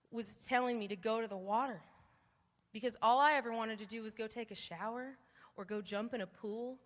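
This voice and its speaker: A woman giving a lively personal testimony at church, acting out the dialogue as she tells it. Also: fairly high pitch. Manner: animated storyteller, acts out dialogue. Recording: long hall reverb.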